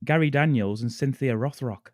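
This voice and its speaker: A man co-hosting a podcast, recapping a film's plot in a relaxed, sweary way with laughs. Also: medium pitch, normal speed, no room sound, clean studio sound. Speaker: podcast co-host. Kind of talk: casual chat.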